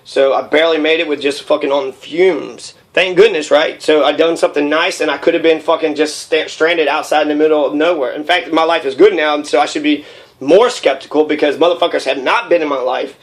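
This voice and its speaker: A man's voice: a little high, fairly quick. A man in his thirties in a raw, rambling personal monologue, profane and heated, with many fillers. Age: 30s.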